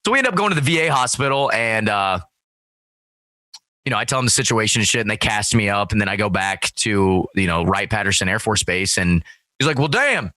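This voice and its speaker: Profane man telling a story, bright dry sound. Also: on the low side, fairly quick, no room sound. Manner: profane, storytelling, acts out quoted voices loudly. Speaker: guest. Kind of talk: casual chat.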